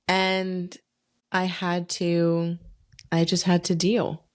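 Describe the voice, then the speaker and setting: A young adult woman hosting a solo podcast, telling a personal story in a frank, profane, animated way. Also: on the low side, very slow, pauses often. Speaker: podcast host.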